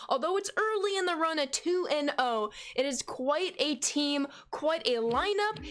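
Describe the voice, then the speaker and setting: A woman's voice: high-pitched, fairly bright tone. A young woman in her twenties streaming a baseball video game, chatting casually and greeting viewers by name. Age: 20s. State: out of breath. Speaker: gaming streamer. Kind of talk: casual live-stream chat.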